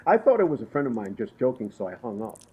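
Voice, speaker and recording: Husky-voiced man telling lively stories. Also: medium pitch, fast talker, highs cut off. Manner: lively, laughs often while telling stories. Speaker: guest musician. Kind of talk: animated storytelling in conversation.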